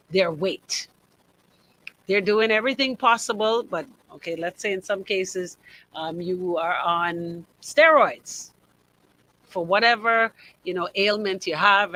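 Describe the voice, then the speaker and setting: A woman's voice: mid-range voice, pushed and bright, poor audio. A woman with a Bahamian accent hosting a call-in radio talk show, talking in an emphatic, conversational way into a studio microphone. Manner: emphatic and conversational, reads listener comments aloud.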